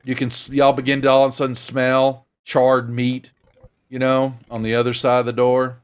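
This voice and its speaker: A man's voice: mid-range voice, monotone, moderate pace, clean tone. A man running a tabletop game as game master, describing scenes in a loose, rambling way. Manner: rambling, casual, many restarts.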